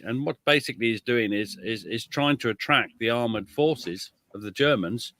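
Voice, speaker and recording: Lively British man with a bright voice. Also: medium pitch, no echo. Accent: British English. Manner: lively, chuckling, self-deprecating asides. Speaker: guest author and historian. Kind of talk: animated conversational storytelling.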